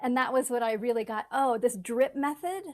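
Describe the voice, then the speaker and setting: A woman with a fairly high voice, talking in an earnest, reflective way. She often restarts her sentences and acts out the voices in her head as she goes. She is a spiritual author and teacher, speaking in a conversation. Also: normal speed, darkish tone.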